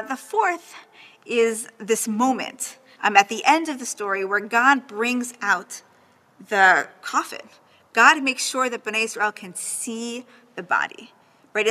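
A woman teaching a class in an animated lecture style, often pausing to ask "right?". Her voice sits fairly high and sounds bright and forceful. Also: in a large hall. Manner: animated, frequent "right?" checks. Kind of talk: lecture on a text.

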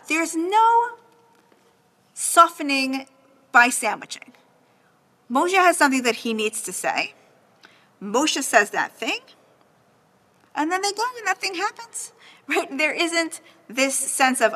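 A woman giving a lecture on a text, animated and often checking in with "right?". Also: sits high, slow pace, long pauses, long reverb tail. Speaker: teacher.

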